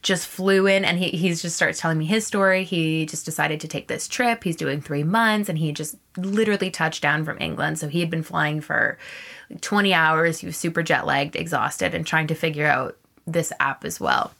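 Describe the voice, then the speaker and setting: A woman's voice: low-pitched, moderate pace, vocal fry. Candid young woman storyteller. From Canada. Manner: animated and candid, swears freely. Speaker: podcast host. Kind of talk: casual storytelling monologue.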